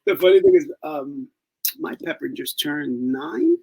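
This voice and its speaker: A man's voice: on the high side, measured pace, breathy edge, low-quality recording. A man co-hosting a podcast in casual chat, telling stories and slipping into playful voices. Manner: animated storytelling with playful put-on voices. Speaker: podcast co-host.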